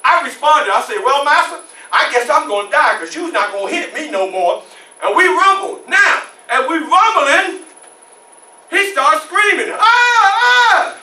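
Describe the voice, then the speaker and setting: A male reenactor playing a formerly enslaved man who recounts his youth in an animated one-man stage show, shouting at tense moments, in a library room. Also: extremely high pitch, moderate pace, exaggerated voice. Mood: intense. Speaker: historical reenactor. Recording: roomy library room, mic far off.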